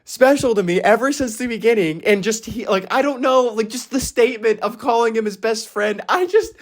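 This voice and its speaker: A man with a notably high voice rattles on in a casual reaction vlog. He is excitable and emotional, swears freely and keeps restarting his sentences. His voice jumps up into squeaky outbursts when a moment hits him. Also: brisk. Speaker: anime and manga reaction youtuber.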